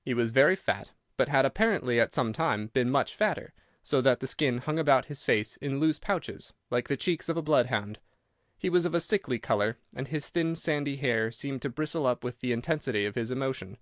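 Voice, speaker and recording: A man's voice: medium pitch, animated, a little fast, dry recording. Male audiobook narrator, dry and close. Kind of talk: scripted narration.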